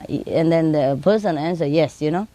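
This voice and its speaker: Woman chatting about her birds, lowish voice, broken english, laughs a lot, does high birdy voices. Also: normal speed. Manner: lively, mimics her birds in high sing-song tones. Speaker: speaker telling stories about her pets. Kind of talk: casual storytelling.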